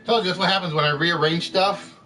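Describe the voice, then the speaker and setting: A man's voice: sits high, steady tone, brisk, sharp tone, soft background music. A man hosting an online game show, chatting casually with viewers and often correcting himself as he talks. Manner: rambling, self-correcting, talking to chat. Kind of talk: casual live-stream chat.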